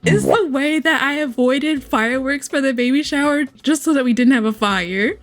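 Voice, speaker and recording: A young woman chatting through her gameplay at a desk mic in a high, bouncy voice that swings all over. She laughs a lot, calls her viewers y'all, and moves between excited squeals and playful exasperation. Soft music plays quietly behind her. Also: normal speed. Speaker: gameplay host. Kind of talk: casual gameplay commentary.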